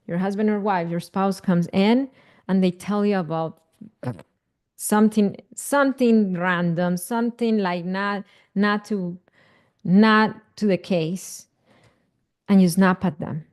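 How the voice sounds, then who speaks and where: Woman, parenting teacher in a live class, slow and repetitive. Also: mid-range voice, darkish tone. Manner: repetitive, emphatic, asks audience questions. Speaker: parenting educator.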